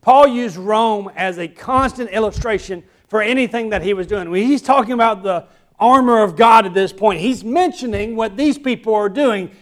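A man with a Southern American accent preaching a sermon, swinging from quiet asides to loud, emphatic declarations. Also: high-pitched, normal speed. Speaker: pastor.

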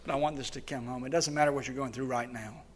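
A man preaching a sermon to his church, swinging between loud, fervent passages and quiet, hushed ones. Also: medium pitch, fairly even intonation, fast talker, slightly rough. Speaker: pastor.

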